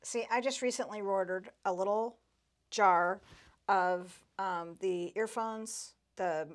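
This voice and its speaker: A woman's voice: mid-range voice, slow. A woman hosting a podcast, chatting casually and sharing her own stories with a sympathetic manner. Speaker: podcast host. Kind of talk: casual conversation.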